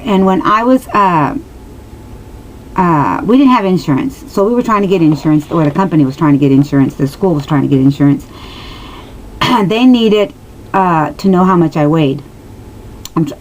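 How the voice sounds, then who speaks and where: A woman's voice: lowish voice, slight background noise, rough recording. A woman telling a personal story straight to her viewers, earnest and emotional, rambling with many restarts and asides. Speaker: vlogger answering viewers.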